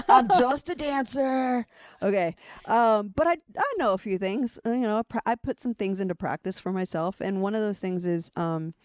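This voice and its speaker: A woman's voice: mid-range voice, lively intonation, moderate pace, a little mellow, dry recording, studio quality. A woman guest on a podcast, an energy coach, talking in a frank, casual way with plenty of swearing and restarted phrases.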